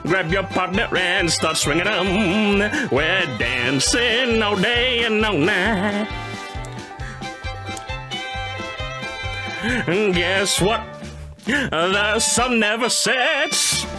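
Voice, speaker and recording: A man voicing a jolly cowboy square-dance host, drawling slowly and hamming it up. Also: sits high, lively intonation, over music, voice pushed up. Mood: hammy. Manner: drawling, slow and hammy.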